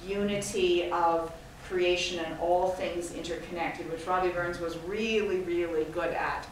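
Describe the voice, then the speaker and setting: A woman's voice: on the low side, fairly even intonation, unhurried. Woman talking to a room from far off. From Scotland. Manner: chatty, digressive, self-deprecating. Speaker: guest speaker. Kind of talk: informal talk to an audience. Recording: echoey hall from far off, faint noise.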